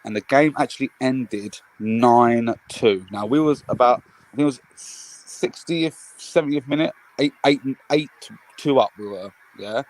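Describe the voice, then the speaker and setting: A man's voice: mid-range voice, a little slow, low-quality recording. A young man, chatting casually about football on a live watchalong, swearing freely and raising his voice when he retells his outbursts. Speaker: watchalong co-host.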